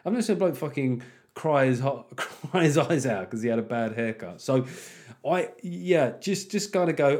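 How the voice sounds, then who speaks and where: A man's voice: on the high side, expressive, normal speed, darkish tone. A man hosting a podcast, delivering a casual comic monologue that rambles and is full of swearing. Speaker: podcast host.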